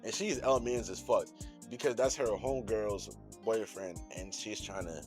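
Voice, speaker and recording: Deep-voiced young man, slangy casual recap. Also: moderate pace, darkish tone, faint music behind. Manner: loose, slangy and profane, heavy on fillers. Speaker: channel host recapping an anime episode.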